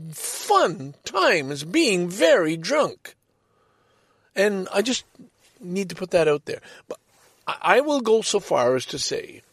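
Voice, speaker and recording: A man's voice: a little high, no echo, clean studio sound. A middle-aged man telling a personal story in an emotional, casual monologue, often talking to himself. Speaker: podcast host.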